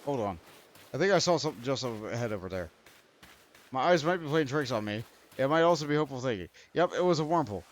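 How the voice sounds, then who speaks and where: A man's voice: mid-range voice, lively intonation, fast talker, a little hiss or hum. A young man streaming a video game, rambling and poking fun at himself while he talks to the creatures on screen. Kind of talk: let's play commentary.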